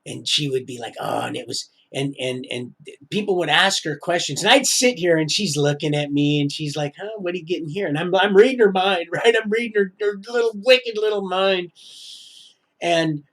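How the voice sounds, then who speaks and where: Brief: man, high voice for his sex, rambling live-stream storyteller, stop-start delivery, preachy streak. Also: fairly bright tone. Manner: halting, full of restarts and trailing asides; preachy, sprinkles in religious talk. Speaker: livestreamer telling his life story.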